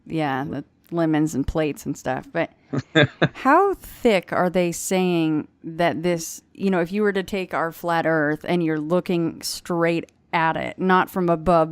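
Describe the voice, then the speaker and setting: Woman host, joking and sarcastic, smooth clear voice, dry close sound, kinda low. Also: dry recording. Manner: sarcastic, laughing, playful. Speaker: podcast host. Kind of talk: casual conversation.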